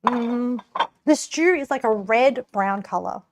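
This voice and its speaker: A woman's voice: a little high, takes it slowly, noisy background. A young woman from Australia chatting casually to her viewers as she cooks on a live stream, giggling often and rambling with lots of "like" fillers. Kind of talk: casual chat while cooking on a live stream.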